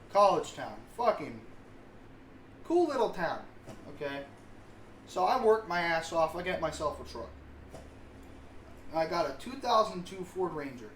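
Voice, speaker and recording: A man, co-hosting a podcast and telling rambling, self-mocking stories full of swearing. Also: on the high side. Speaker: podcast co-host. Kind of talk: casual storytelling. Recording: roomy sound with faint hiss.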